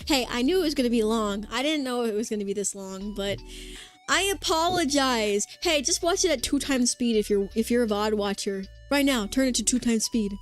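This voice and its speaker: Young woman vtuber yapping away, high voice, sore throat, lots of likes and ums, faint music behind. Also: normal speed. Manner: rambling, filler-heavy, reads chat aloud. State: sore throat after hours of talking. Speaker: vtuber streamer. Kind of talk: casual livestream chat.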